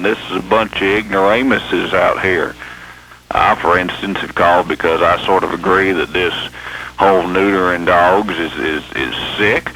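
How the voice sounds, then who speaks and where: A man calling a radio show with a deadpan, sarcastic rant. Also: low voice, unhurried, slight background noise, rough recording. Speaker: radio caller. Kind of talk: mock-serious call-in rant.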